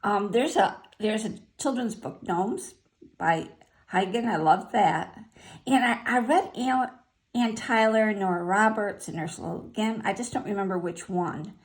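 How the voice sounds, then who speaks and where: Older lady going slowly through her fave books, lots of ums, casual chat. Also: medium pitch. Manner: unhurried, listing titles with fillers and asides. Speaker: vlogger sharing favorite books. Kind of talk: casual spoken list.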